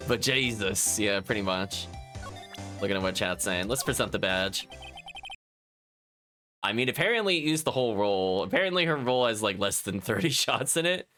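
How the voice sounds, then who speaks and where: A man's voice: lowish voice, animated, moderate pace, music in the background. A man streaming a game, chatting casually and laughing with his chat. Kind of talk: casual let's-play commentary.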